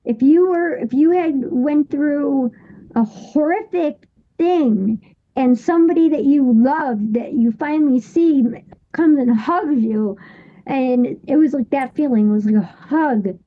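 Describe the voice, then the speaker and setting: A woman in her thirties, a guest on an interview show, telling a personal story in a halting way with many restarts and fillers. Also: high-pitched, phone-quality sound.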